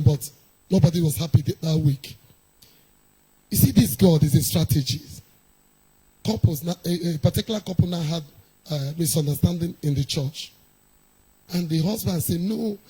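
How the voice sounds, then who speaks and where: A middle-aged woman, a pastor's wife telling a personal story in a sermon, animated and laughing often. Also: fairly low pitch, breathy edge, low-quality recording.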